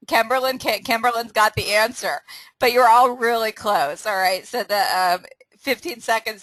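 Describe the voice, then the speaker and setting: A woman's voice: medium pitch, fairly bright tone, no echo, rough recording. A woman hosting a casual sales training call, upbeat and laughing often, running a quiz and restarting her sentences.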